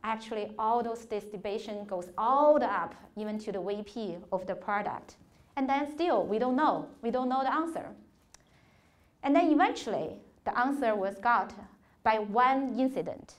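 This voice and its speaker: A woman's voice: on the high side, animated, moderate pace. Earnest woman giving a workshop talk. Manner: non-native phrasing, earnest storytelling with a few restarts. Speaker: conference speaker. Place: lecture hall.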